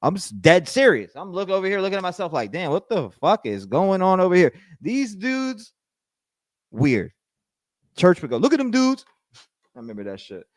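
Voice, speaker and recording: A man's voice: medium pitch, no room sound. A man hosting a livestream, giving casual commentary and swearing a lot. He mocks people by quoting them in put-on voices. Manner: profane, animated, mocks with put-on quotes. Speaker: livestream host.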